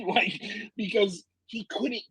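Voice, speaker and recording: A man in casual chat who talks in a rambling way and tells the other speaker to calm down. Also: high-pitched, takes it slowly, slightly rough, no room sound.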